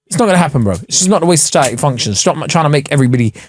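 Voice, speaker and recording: A man co-hosting a podcast, chatting in a slangy, animated way and sometimes mocking people with put-on voices. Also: a little high, rapid-fire. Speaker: podcast co-host. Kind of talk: casual chat.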